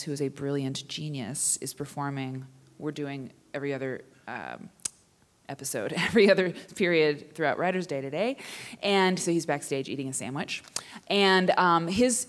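A woman in her thirties who performs spoken word poetry and chats casually with high school students in a self-deprecating way. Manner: chatty, self-deprecating, expressive poetry reading. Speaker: writer and performer.

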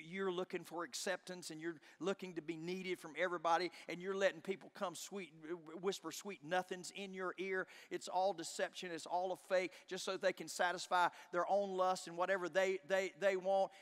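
A middle-aged man preaching a sermon as pastor, impassioned, swinging from shouts to hushed tones. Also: high voice, big-room sound. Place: church sanctuary.

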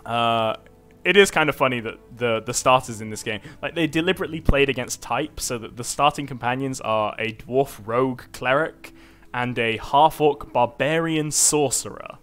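A man's voice: medium pitch, normal speed, fairly bright tone, clear, resonant tone, faint music behind. A man streaming a computer role-playing game, giving rambling, self-mocking casual commentary full of fillers.

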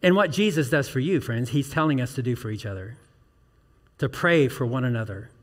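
A man delivers a sermon as pastor, in a middle-pitched voice that climbs to emphatic, urgent peaks. He puts pointed questions to the listeners. His voice trails into a long church reverb. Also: lively intonation, fairly quick. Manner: earnest preaching with rhetorical questions and rising emphatic peaks. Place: church sanctuary.

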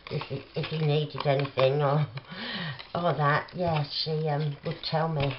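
A middle-aged woman with a Cockney accent chatting casually while crafting at home, rambling softly with plenty of fillers. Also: low-pitched, little pitch movement, measured pace. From England. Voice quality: soft, rambling with many fillers. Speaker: craft vlogger. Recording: dull lo-fi home recording with noise.

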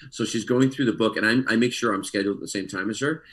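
A man, an actor guest telling an animated story with frequent laughs over a video call. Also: lowish voice, very fast, low-quality recording. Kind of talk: casual storytelling interview.

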